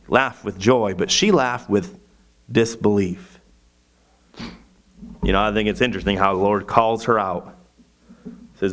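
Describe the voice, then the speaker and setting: A man's voice: mid-range voice, lively intonation, normal speed, fairly bright tone. A man preaching a sermon, reading scripture aloud and then explaining it with growing fervor, using many restarts and fillers. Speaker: pastor.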